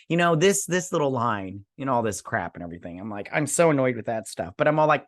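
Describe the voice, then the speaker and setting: A male host gives a casual, rambling recap and review of an episode, recorded up close with no room echo. His middle-pitched voice is slightly bright, and he talks fast and expressively with hardly any pauses. He sounds sarcastic and slips into mock voices when quoting characters.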